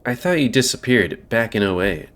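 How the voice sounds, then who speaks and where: A man's voice: on the low side, expressive, normal speed, a bit bright. A man voicing a jittery, foul-mouthed young male bat while reading a visual novel aloud. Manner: curse-laden, defensive.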